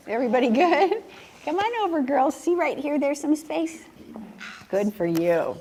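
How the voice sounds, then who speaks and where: A woman's voice: high voice, lively intonation, slow, warm tone, slight background noise. A woman reading picture books aloud to a group of young children, playful and sing-song, asking them questions and laughing often. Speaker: children's story time reader.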